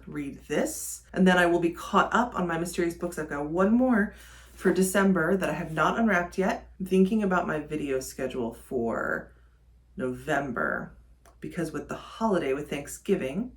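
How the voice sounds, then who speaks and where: Lady rambling about her books on her vlog, kinda low voice, lots of ums. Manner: chatty, thinking aloud, many ums. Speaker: book vlogger. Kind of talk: casual reading vlog chat.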